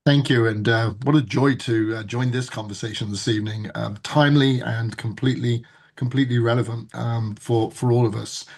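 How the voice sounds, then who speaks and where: Husky guy introducing a speaker on a webinar, lots of ums and restarts. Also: medium pitch, fairly even intonation. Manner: halting, many fillers and restarts. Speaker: panel moderator, reverend.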